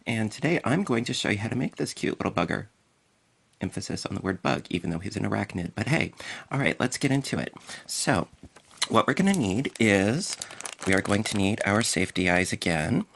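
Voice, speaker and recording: A man's voice: on the low side, sing-song, fairly quick, vocal fry, a bit bright, a little hiss or hum. A man hosting a casual crochet tutorial, talking playfully to his viewers while he demonstrates each step.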